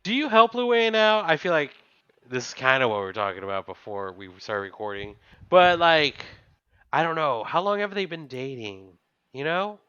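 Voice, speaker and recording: Chatty male co-host, bright forward voice, dry and slightly dull podcast sound. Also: on the high side, very animated, normal speed, clear, resonant tone, dry recording. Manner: chatty, musing, thinks aloud. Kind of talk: casual chat.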